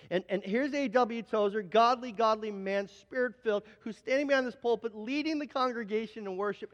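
A man preaching a sermon as pastor, telling a story with acted-out quotes and often repeating his words. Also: sits high. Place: church sanctuary. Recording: dull, reverberant church hall.

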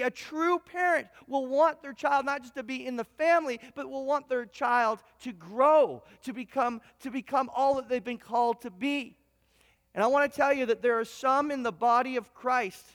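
A man's voice: very high voice, fairly bright tone. A man preaching a sermon, telling a long illustrative story with frequent stammered restarts. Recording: reverberant hall sound.

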